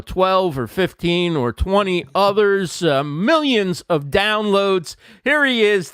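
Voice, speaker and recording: A man's voice: high-pitched, a bit bright, smooth, no echo, studio quality. A man hosting a livestream interview show over a video call, introducing his guest with enthusiastic, effusive praise. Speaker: host.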